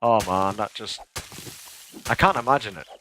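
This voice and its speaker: A young man giving casual live commentary while he plays a game, excitable and laughing often as he chats to viewers. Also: on the low side, moderate pace, slight background noise. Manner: excitable, giggly, chatting to viewers. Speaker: gaming streamer.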